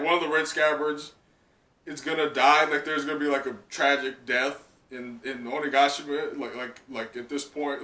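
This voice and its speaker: A man giving casual live reaction commentary, chatty and excitable, leaning on "like" as he talks. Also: on the high side. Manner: excitable, chatty, heavy use of "like". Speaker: manga reaction channel host. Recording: roomy sound from a distant mic.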